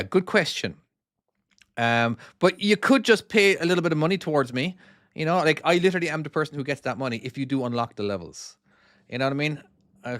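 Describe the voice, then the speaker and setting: A man's voice: mid-range voice, a bit bright, no echo, clean studio sound. A man, casually chatting on a live stream while playing his own trucking game and reading out viewer comments. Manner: chatty, easily distracted, reads comments aloud.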